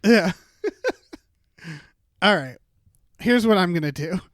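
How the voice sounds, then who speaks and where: A man's voice: sits high, expressive, extremely slow, fairly bright tone, no room sound, studio quality. A man co-hosting a podcast, improvising a comic story with lots of fillers and hesitations. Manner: rambling, hesitant, filler-heavy narration. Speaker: podcast co-host. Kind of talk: improvised comedic storytelling game.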